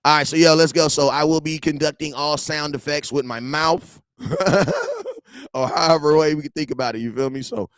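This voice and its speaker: A man about forty hosting a casual football fan show from his garage, animated and slangy, swinging between loud outbursts and low asides. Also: fairly quick, hardly any pauses, smooth, no room sound, clean studio sound.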